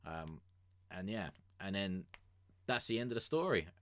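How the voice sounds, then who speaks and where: A man's voice: low voice, animated, measured pace. A young man streaming, telling a story casually in a rambling, crude, swear-heavy way. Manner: rambling and crude, swears a lot, with many fillers.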